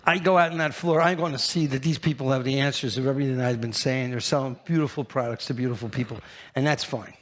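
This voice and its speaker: A man giving a live conference presentation, brash and animated, jumping to high, loud bursts and firing questions at the audience. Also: quick pace. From New York. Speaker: keynote speaker at a trade fair.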